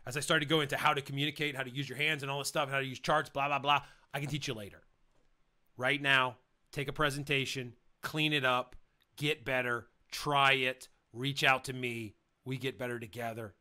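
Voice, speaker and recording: A man teaching project managers how to present, talking casually and energetically, switching between quick rambling and slow, emphatic lines. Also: medium pitch, flat delivery, pushed and bright. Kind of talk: casual motivational lesson.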